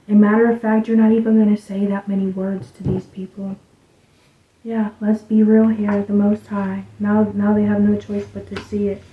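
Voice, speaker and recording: Flat-voiced woman doing a rambling card reading. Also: medium pitch, measured pace. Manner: rambling, loose, with soft muttered asides. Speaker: tarot reader. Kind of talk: casual spiritual card reading. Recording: tinny, phone-like sound in an echoey room.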